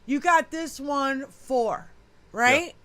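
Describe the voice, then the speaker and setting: A woman's voice: high voice, very slow, pushed and bright. A woman co-hosting a casual political podcast, ranting heatedly with a lot of swearing. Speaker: podcast co-host.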